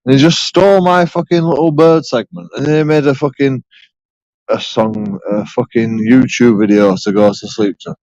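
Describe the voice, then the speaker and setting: A man's voice: mid-range voice, moderate pace, darkish tone, no room sound, rough recording. A man rambling sarcastically through a profane solo vlog, repeating himself as he goes. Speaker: YouTube auditor.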